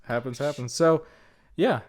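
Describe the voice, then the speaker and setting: A man's voice: on the high side, a little slow, over a noisy crowd. Laid-back young man co-hosting a podcast. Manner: rambling, laughs often, many restarts. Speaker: podcast co-host. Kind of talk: casual chat.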